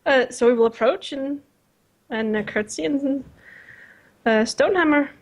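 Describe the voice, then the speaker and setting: A woman's voice: high-pitched, unhurried. A woman playing a tabletop game, talking in a hesitant, giggly way. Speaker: player. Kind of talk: casual tabletop play.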